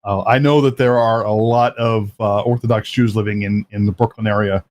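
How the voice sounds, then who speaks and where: A man's voice: on the low side, fairly even intonation, moderate pace, a little hiss or hum. A man hosting a live talk show, who chats casually, jokes and laughs often, and talks in loose restarts. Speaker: host. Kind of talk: casual chat. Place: South Florida.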